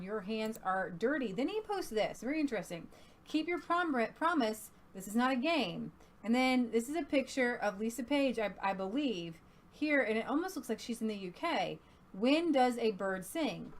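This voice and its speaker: A woman's voice: on the high side, a bit bright. Hesitant woman co-host reading posts aloud. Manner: hesitant, many fillers.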